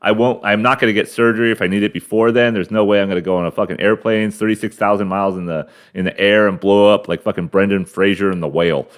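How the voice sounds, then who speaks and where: A man in his forties from the United States talks alone to a camera at home, his voice sitting a little low. He rambles and swears his way through a loose monologue. He often trips over fillers and repeats words before he gets back on track. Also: fairly even intonation, fast talker, hardly any pauses, clear, resonant tone. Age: 40s. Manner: crude, rambling, full of fillers and restarts. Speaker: podcast host. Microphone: camera mic.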